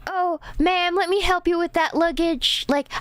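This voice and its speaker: A woman doing a Southern flight attendant with a Southern US accent, sweet but firm, coaxing. the voice sits high and bright, and the tone stays gentle while it gives orders to passengers. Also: steady tone, unhurried, no room sound. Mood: gently firm.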